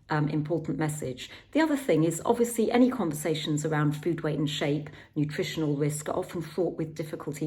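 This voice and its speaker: A middle-aged woman with a low, soft-set voice talks carers through a training exercise. She is calm and gentle and often pauses on an um or repeats a word before going on. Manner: calm, gentle, with frequent ums and repeated words. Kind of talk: instructional talk.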